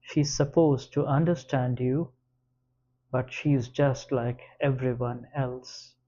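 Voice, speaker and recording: A man giving a measured, first-person audiobook narration. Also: medium pitch, fairly even intonation, dark tone. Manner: slow, measured reading. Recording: dull lo-fi recording.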